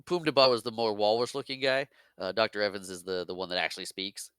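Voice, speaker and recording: A man co-hosting a podcast, talking casually about a film, laughing often and slipping into quick character voices. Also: on the low side, fairly even intonation, a bit bright, clear, resonant tone, no room sound. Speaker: podcast co-host. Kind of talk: casual movie chat.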